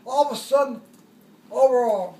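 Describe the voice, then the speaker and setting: Older man, war story, very high voice, rambling, echoey room, away from mic. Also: normal speed, recorded from a distance. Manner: rambling, chuckling, acts out shouted quotes. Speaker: veteran telling a war story. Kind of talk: casual storytelling.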